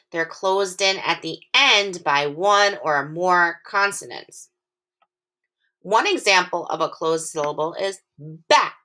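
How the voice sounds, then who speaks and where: A woman teaching a phonics lesson to young children, patient and encouraging, stretching her sounds out slowly and clearly. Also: medium pitch, bright, forceful tone.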